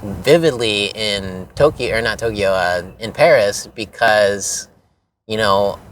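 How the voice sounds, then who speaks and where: A man's voice: fairly low pitch, takes it slowly, distant mic, low-quality recording. An American man hosting a casual podcast, talking in a loose, slangy way full of fillers. He sounds set back from the microphone. Light background noise sits behind him. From United States. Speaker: podcast host.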